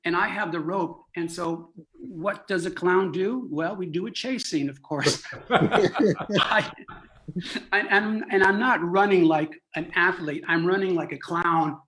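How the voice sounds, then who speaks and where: Lively storytelling man, somewhat high voice. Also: measured pace, a little hiss or hum. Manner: lively anecdote with laughs and restarts. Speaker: clown and co-founder guest. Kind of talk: animated storytelling.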